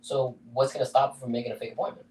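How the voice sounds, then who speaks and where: A man's voice: mid-range voice, little pitch movement, rapid-fire, a little mellow, slight background noise. A man in casual podcast chat, pressing his friend with hypothetical questions. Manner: probing, lays out hypotheticals. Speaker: podcast co-host. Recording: roomy, distant mic.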